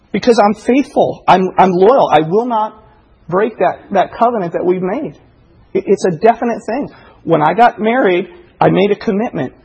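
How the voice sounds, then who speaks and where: A middle-aged man preaching a sermon, impassioned, rising to loud emphatic delivery full of rhetorical questions. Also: high-pitched, slightly rough, muffled recording. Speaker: pastor.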